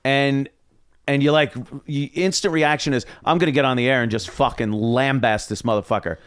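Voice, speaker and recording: A man's voice: medium pitch, steady tone, normal speed, a bit bright, clear, resonant tone, no room sound, clean studio sound. A middle-aged man, a radio host guesting on a podcast, talking bluntly and profanely with frequent laughs. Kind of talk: casual chat.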